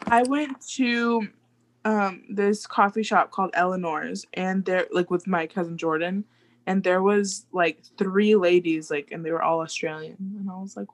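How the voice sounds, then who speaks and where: A woman's voice: on the low side, fairly even intonation, a little slow. A young woman co-hosting a casual chat with friends, telling stories in a chatty way and saying "like" a lot. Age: young adult. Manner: chatty storyteller, heavy "like". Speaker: podcast co-host.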